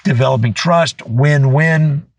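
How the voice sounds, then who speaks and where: Comic monologist, male, husky, slightly high voice, animated storyteller. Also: unhurried, dry recording, rough recording. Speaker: comedian. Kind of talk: comedic monologue.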